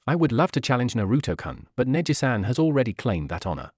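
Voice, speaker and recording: A man's voice: medium pitch, sing-song, fast, breathy edge, no room sound, clean studio sound. A man reading aloud as an eager, overenthusiastic teenage boy student in a fan story. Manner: shouting, earnest.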